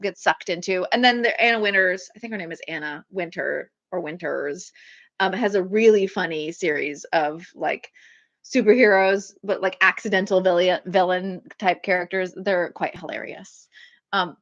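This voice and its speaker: A woman's voice: fairly low pitch, normal speed, a bit bright. Chatty woman livestreaming, lo-fi. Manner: chatty, rambling, frequent fillers and laughs. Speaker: author hosting a livestream. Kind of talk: casual livestream chat.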